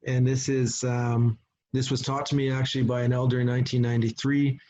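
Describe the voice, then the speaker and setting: A middle-aged man from Canada, a chief giving a conference talk, telling a story unhurriedly with frequent pauses and restarts over a video call. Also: medium pitch, little pitch movement, mellow, highs cut off, a little hiss or hum. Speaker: Indigenous chief and conference speaker. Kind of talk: storytelling presentation.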